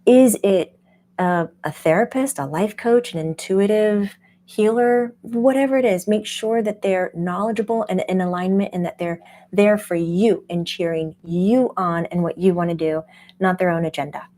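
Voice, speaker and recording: A woman who hosts a spiritual channel as a medium, teaching casually in an animated way and laughing often. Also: medium pitch, moderate pace. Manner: animated, laughs often, acts out quoted voices.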